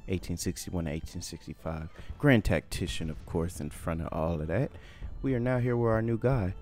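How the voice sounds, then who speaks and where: A man's voice: deep voice, normal speed, a little mellow, faint music behind. A man hosting a gameplay video, chatting casually and rambling with jokes. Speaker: gaming channel host.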